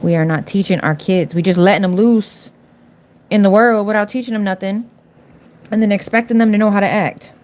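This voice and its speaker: A woman's voice: medium pitch, fairly even intonation, fairly quick, darkish tone. Sassy woman chatting on a nail livestream. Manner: blunt, sassy, talks back to chat viewers. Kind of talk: casual livestream chat.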